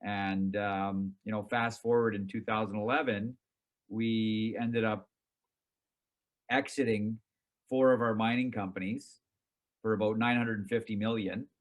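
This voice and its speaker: Animated middle-aged man telling stories. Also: lowish voice, a little slow. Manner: animated, self-mocking, acts out his past reactions. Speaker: company chairman and CEO. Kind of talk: casual storytelling in an interview.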